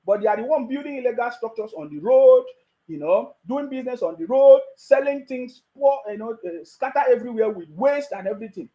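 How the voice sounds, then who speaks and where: Nigerian guy scolding and mocking, fairly high voice, lots of stumbles. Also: lively intonation, fairly quick, lo-fi sound. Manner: mocking, scolding, repetitive restarts. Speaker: political commentator. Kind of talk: ranting video commentary.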